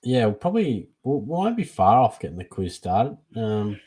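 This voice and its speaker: A young Australian man hosting a casual live Q&A for a fantasy football stream, chatty and relaxed, calling everyone mate. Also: on the low side, moderate pace, slightly rough. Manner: laid-back and chatty, calls everyone mate. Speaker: fantasy football livestream host. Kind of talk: casual live Q&A, reading chat questions.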